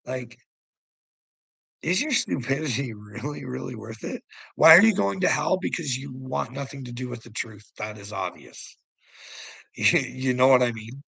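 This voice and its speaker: A man's voice: medium pitch, animated, moderate pace, gravelly, pushed and bright, slightly rough, no room sound. A man ranting at the camera in a taunting, profane way, laughing often between lines. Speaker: vlogger. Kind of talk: mocking rant to the camera.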